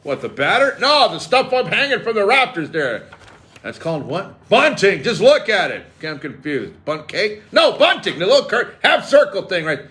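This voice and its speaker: A man's voice: high-pitched, normal speed. A man hosting a sports radio show, riffing and joking sarcastically in casual banter. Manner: animated, sarcastic, riffing jokes. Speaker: radio host.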